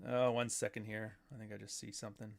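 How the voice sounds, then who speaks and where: A man's voice: on the low side, flat delivery, quick pace, vocal fry. Profane, sarcastic man ranting. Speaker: podcast host. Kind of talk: casual livestream rant.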